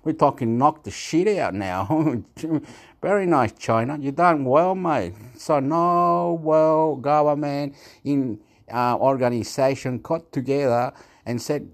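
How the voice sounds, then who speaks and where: A man's voice: fairly high pitch, expressive, takes it slowly, fairly bright tone. A man, rambling through a casual monologue for his own video channel. He laughs often, swears and jumps from topic to topic. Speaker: vlogger.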